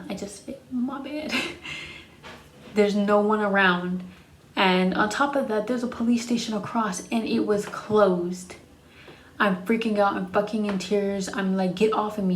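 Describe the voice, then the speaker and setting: A woman's voice: medium pitch, echoey room, slight background noise. A young adult woman telling a personal story in a casual storytime vlog, frank and profane. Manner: frank and profane, blunt retelling.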